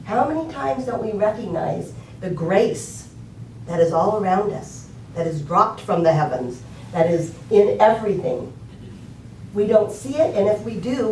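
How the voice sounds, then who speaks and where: A woman's voice: medium pitch, a little mellow, roomy sound, recorded from a distance, slight background noise, poor audio. An older woman telling an inspirational story in a conversational way, with fillers and emphatic repetition. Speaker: speaker.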